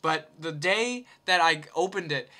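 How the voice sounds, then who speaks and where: A man's voice: fairly high pitch, expressive, measured pace, pushed and bright. A man telling a long, rambling story in a casual, off-the-cuff way, swearing and laughing easily.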